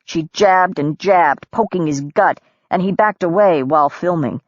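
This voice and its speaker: A woman narrating an audiobook in a measured, steady storytelling voice. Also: fairly low pitch, dry recording, lo-fi sound. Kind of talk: scripted narration.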